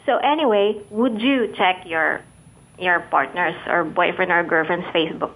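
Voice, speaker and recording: A woman's voice: lowish voice, normal speed, fairly bright tone, husky, rough recording. A woman, calling into a show and chatting in a giggly way. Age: 20s. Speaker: caller. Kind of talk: call-in phone conversation.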